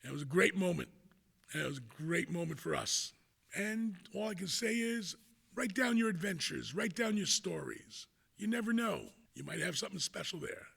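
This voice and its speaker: Gravelly New York man telling a story. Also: high-pitched, lively intonation, normal speed, fairly bright tone. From New York City, the Bronx. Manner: conversational and rambling, with frequent "you know" asides. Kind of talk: casual spoken storytelling.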